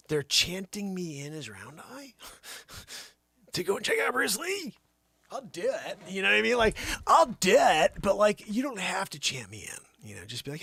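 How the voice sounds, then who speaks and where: A man hosting a show, doing an improvised comic monologue that swings from loud bursts to hushed asides. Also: high-pitched, very animated, moderate pace, gravelly, breathy edge, dry recording. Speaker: comedy show host.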